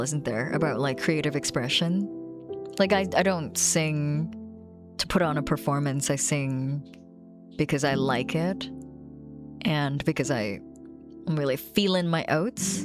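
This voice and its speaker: A young woman hosts a relaxed stream, talking with her viewers in an easygoing, chatty way. Her voice sits a little low but swings widely in pitch, and soft music plays behind her. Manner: chatty, coos affectionately at her cat. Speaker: streamer host. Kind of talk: casual chat with chat readers.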